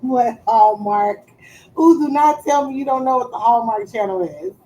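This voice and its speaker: Woman, casual stream host, mellow voice pitched a touch high, light noise underneath. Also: normal speed, rough recording. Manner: loud, playful, swears freely, trails off searching for words. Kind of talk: casual chat on a live stream.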